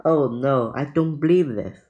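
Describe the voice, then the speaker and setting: A man's voice: medium pitch, measured pace, a little mellow, natural voice. A man doing a cautious, rattled young boy. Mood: exasperated.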